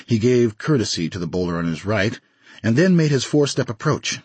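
A man's voice: mid-range voice, very animated, normal speed, darkish tone, husky, dry recording. A man narrating an audiobook story expressively, in a dry studio recording. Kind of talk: scripted narration.

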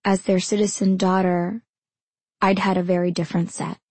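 A woman narrating her own memoir in the first person, in a measured, intimate storytelling manner. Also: lowish voice, level tone, darkish tone, slightly rough, dry recording.

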